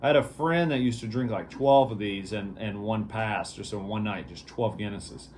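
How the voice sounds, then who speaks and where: A man's voice: lowish voice, normal speed, darkish tone, slight background noise. A man hosting a casual vlog review, talking in an easygoing, rambling way with lots of fillers. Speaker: beer reviewer, show host.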